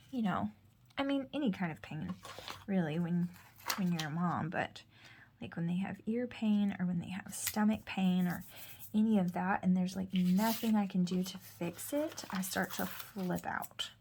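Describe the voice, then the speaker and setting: A woman's voice: medium pitch, gravelly, noisy background. A woman in her thirties, a mother chatting casually and rambling to her viewers as she vlogs. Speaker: vlogger. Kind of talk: casual chat.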